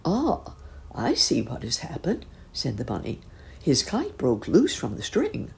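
A woman voicing a kindly old gentleman rabbit who talks in a gentle, musing way. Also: extremely low pitch, wildly swooping pitch, measured pace, gravelly, heavily acted.

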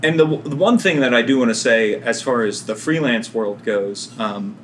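A man with a New Jersey accent hosting a casual podcast discussion, relaxed and chuckling, with plenty of fillers. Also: mid-range voice, normal speed, slight background noise. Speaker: podcast host.

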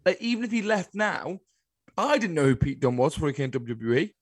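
Man, podcast co-host, exasperated and emphatic, slightly high voice, dry close sound. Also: big pitch swings, fairly quick, breathy edge, no echo. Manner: exasperated, emphatic ranting with sudden high-pitched outbursts. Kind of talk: casual podcast chat.

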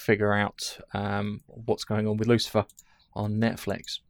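A man's voice: fairly low pitch, completely flat delivery, measured pace, gravelly, no room sound. A man hosting a podcast, chatting casually in a jokey, rambling way and swearing now and then. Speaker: podcast host. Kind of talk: casual chat.

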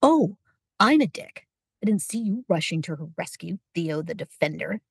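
A smug, callous boy running the game, as a woman narrator puts him on. He speaks in an offhand, mocking way, shrugging off blame. The voice is low and husky with a gravelly edge, heard close and dry. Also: measured pace, a little mellow, no echo, full character voice.

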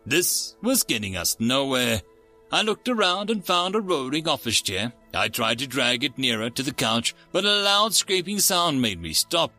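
A man's voice: mid-range voice, sharp tone. A man narrating a first-person story in a wry, sardonic way.

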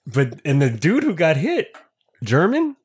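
A man co-hosting a casual podcast chat, joking and quick to laugh. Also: fairly high pitch, huge pitch swings, darkish tone, slightly rough. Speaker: podcast co-host.

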